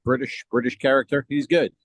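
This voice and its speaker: A man's voice: mid-range voice, steady tone, fairly quick, no echo, rough recording. A man co-hosting a comedy podcast in casual chat, rambling through stories, swearing and laughing as he goes, talking over a remote call. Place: remote call from a cruise ship.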